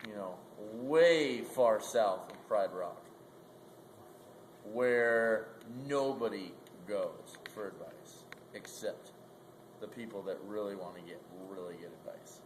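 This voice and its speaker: A man's voice: on the low side, slow pace, slight background noise, voice pushed down. A man voicing a chatty, helpful male meerkat who talks politely and offhand. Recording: roomy echo.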